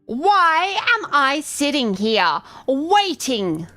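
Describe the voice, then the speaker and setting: A woman voicing a tiny, shrill female goblin chieftain who speaks with haughty disdain in a game. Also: big pitch swings, drawn-out words, bright, forceful tone, heavily acted. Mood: disdainful. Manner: haughty, sneering.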